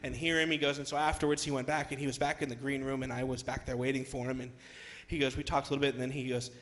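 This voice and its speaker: Young male youth pastor, mid-pitched, chatty sermon delivery with fillers, building to loud emphatic peaks. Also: flat delivery, very fast. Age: young adult. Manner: conversational, many fillers, rises to loud emphatic passages. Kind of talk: sermon with storytelling.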